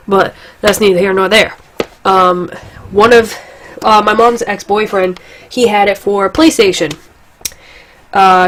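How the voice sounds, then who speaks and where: A woman's voice: medium pitch, a little hiss or hum. A young woman with a stuffy, congested nose, chatting casually and rambling in a gaming vlog, swearing now and then. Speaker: gaming vlogger. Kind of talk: casual chat.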